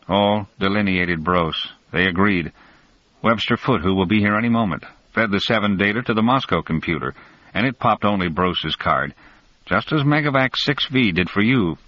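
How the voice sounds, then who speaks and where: A man voicing a calm, cunning male schemer who explains things in a measured, sharp way, raised a little above his narrating voice. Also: on the low side, no echo. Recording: dull lo-fi dry recording.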